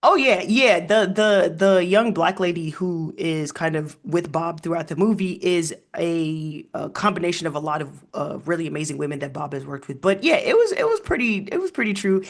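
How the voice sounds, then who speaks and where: Brief: male historian guest, somewhat high-pitched, animated storyteller, relaxed interview. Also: moderate pace, vocal fry, hardly any pauses. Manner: animated storyteller with frequent ums and laughs. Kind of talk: casual interview conversation.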